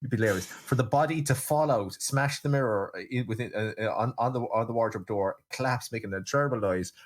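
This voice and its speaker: A man's voice: mid-range voice, brisk. Man, podcast co-host, sardonic, sweary, casual chat.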